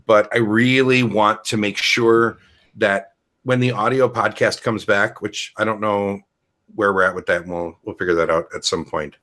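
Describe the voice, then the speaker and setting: A man's voice: lowish voice, steady tone, moderate pace, a bit bright. Male co-host, casual streamed chat, loose and easygoing. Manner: loose, laughing, talks to live chat. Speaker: podcast co-host.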